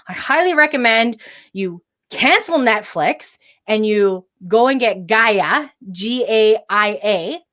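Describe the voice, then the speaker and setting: Emphatic woman podcast co-host. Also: fairly high pitch. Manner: energetic, emphatic, many "right?" tags. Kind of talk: casual motivational chat.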